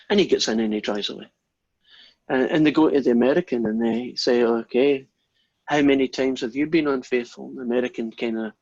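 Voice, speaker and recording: Male lecturer, husky, chatty storyteller, dull dry lo-fi audio. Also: mid-range voice, no room sound. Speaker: math lecturer. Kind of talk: online lecture with a joke.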